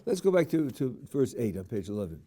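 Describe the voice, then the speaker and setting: A man's voice: medium pitch, big pitch swings, a little fast, dark tone. A man, a rabbi, teaching a text class, reading verses aloud and then questioning them with dry humor. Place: yeshiva classroom.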